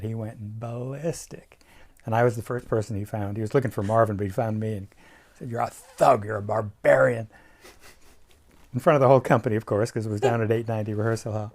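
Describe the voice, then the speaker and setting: A man's voice: mid-range voice, mellow. Guy telling backstage stories, emphatic, leans into the big moments. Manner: vivid storytelling, emphatic recollection. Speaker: guest recalling theatre production. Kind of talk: casual anecdotal conversation.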